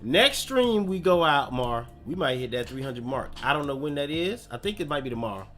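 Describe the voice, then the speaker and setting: A man's voice: fairly high pitch, very animated, fairly quick, fairly bright tone. A young man chatting casually on his gaming live stream, loose and slangy, rambling between topics. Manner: loose, slangy, rambling, lots of self-talk. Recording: faint music behind.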